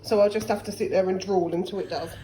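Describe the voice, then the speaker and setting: A woman's voice: fairly even intonation, fast, dark tone, slight background noise, poor audio. A middle-aged woman chatting casually in a home vlog, a little out of breath from a chest infection, rambling and chatty. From England. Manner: chatty, rambling, talks to her cats in a high sing-song. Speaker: vlogger. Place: home kitchen indoors.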